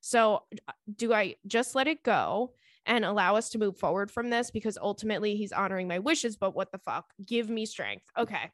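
A young woman hosting a casual podcast, reading listener letters aloud and reacting with animated indignation and frequent swearing. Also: medium pitch, moderate pace, dry recording.

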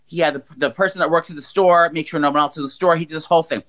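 A man's voice: a little high, steady tone, racing, fairly bright tone. Crude, profane man in his forties. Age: 40s. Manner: crude, profane, rambling storyteller. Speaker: podcast co-host. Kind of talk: casual chat, telling crude news stories.

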